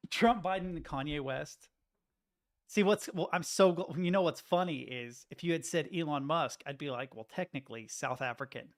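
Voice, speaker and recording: Speaking at normal speed with a slightly high voice, a man from the United States hangs out with his live-stream chat, cracking jokes, laughing frequently and rambling through his own interruptions.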